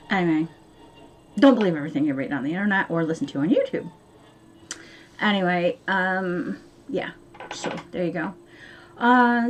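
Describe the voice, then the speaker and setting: A woman's voice: mid-range voice, slight background noise. A woman vlogging from home in a rambling, chatty way, full of fillers. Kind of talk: casual chat to camera.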